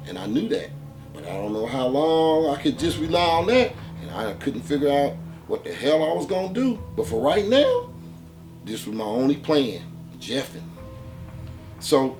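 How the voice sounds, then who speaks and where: Animated man telling a street story. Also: mid-range voice, moderate pace, soft background music. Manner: animated, profane, conversational, with many "man" fillers. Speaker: storyteller, channel host.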